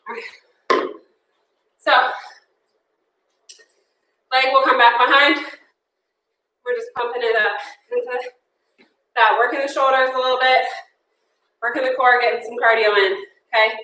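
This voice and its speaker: A woman's voice: on the high side, fairly even intonation, measured pace, pauses often, pushed and bright. A young woman leading an interval workout, counting down and cheering people on while out of breath. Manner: upbeat cueing, counting down and cheering on. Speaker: fitness instructor. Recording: echoey room, mic far off.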